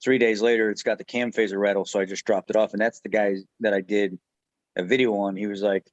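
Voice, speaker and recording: An easygoing male host with a somewhat low voice recounts stories in relaxed conversation. The recording is dry and a bit dull, like a remote feed. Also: quick pace, dry recording. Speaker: host of a truck repair channel. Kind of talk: casual talk-show chat.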